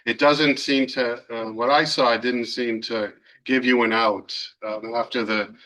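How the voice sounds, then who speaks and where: Male rabbi, bright tone, relaxed classroom teacher taking questions. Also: mid-range voice, measured pace, poor audio. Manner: conversational, hesitant fillers, takes questions from students. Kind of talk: classroom Torah lesson.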